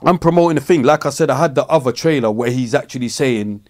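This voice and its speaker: A man's voice: mid-range voice, fast. A man, explaining himself insistently in a podcast conversation. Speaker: podcast host.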